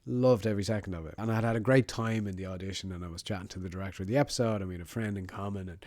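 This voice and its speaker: A man with an Irish accent, a podcast host, sharing a story in a relaxed, chatty, self-deprecating way. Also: on the low side, very fast, no room sound, clean studio sound. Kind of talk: casual chat.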